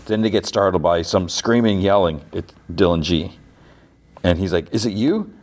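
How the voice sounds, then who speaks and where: A man's voice: sits low, normal speed, a little mellow. A podcast host chatting casually, rambling with lots of "like" and restarts as he recaps.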